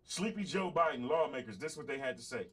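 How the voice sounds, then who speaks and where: A man's voice: medium pitch, expressive, fast, crowd noise. A man hosting a livestreamed podcast, giving heated, profane commentary straight to his chat. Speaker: podcast host.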